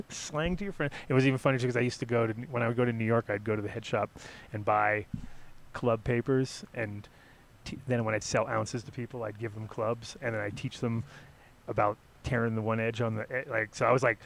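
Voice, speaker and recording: A man's voice: medium pitch, fairly quick, gravelly, a little hiss or hum. A middle-aged man hosting a podcast, telling stories casually and swearing freely. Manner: animated, swears freely, lots of fillers. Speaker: podcast host. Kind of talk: casual storytelling.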